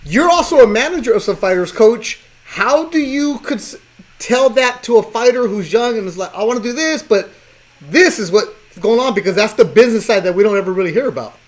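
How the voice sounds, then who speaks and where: A man's voice: sits high, lively intonation, fairly quick. A male talk show host chatting casually and asking his guest questions.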